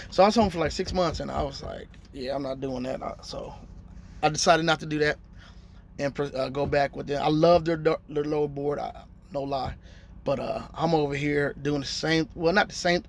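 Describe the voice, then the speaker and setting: A man's voice: on the high side, normal speed, vocal fry, slight background noise. A man in his thirties, a truck driver telling a story in a casual, slangy vlog and acting out his phone calls.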